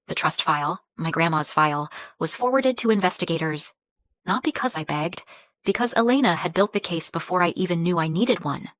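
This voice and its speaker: A woman narrating a first-person story in a measured, even way. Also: lowish voice, no room sound.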